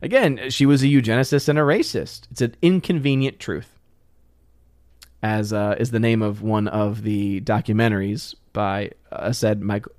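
A man's voice: on the low side, normal speed, darkish tone, no echo, clean studio sound. A man hosting his channel, chatting casually and reading viewer comments on a live stream, loose and full of fillers and restarts. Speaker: channel host.

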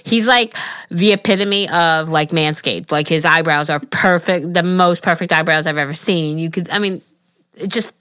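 A woman in her forties co-hosting a chatty podcast, her voice sitting low for a woman. She swears freely and acts out other people's lines as she tells her stories. Her voice is recorded dry and close, with no room sound. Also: moderate pace, fairly bright tone, smooth, no room sound. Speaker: podcast co-host. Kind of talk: casual chat.

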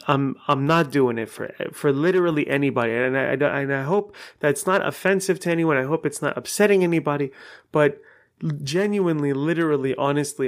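A man giving a casual, rambling personal update, correcting himself and swearing freely. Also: fairly high pitch. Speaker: vlogger giving a monthly update.

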